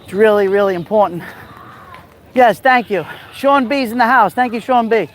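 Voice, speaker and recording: A man with a rough voice and a Brooklyn accent, chatting casually on a live stream as he walks outdoors along a beach. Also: sits high, moderate pace, slight background noise. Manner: chatty, gives shout-outs while walking.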